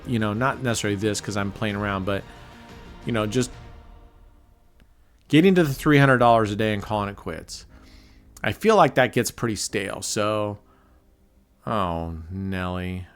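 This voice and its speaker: A medium-pitched channel host provides live casino gameplay commentary, excitable and cursing, grumbling at the dealer while he works out his bets.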